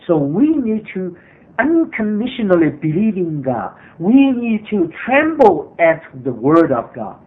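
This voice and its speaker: A man's voice: high voice, sing-song, a little slow. A man preaching a sermon as pastor, earnest and repetitive, with frequent hesitations. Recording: tinny phone-like sermon recording.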